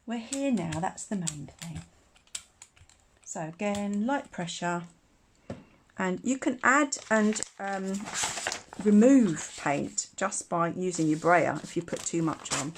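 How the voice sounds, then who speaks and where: A woman's voice: medium pitch, slight background noise. A woman teaching a casual live craft demonstration, chatty and rambling, laughing often. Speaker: craft tutor.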